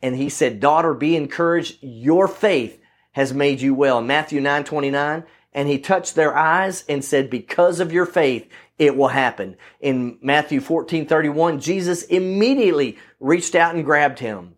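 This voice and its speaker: A man preaching a sermon, reading scripture and pressing its points in an earnest voice that rises into emphatic questions and slows on key lines, with frequent restarts. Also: fairly high pitch. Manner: restarts and self-corrections.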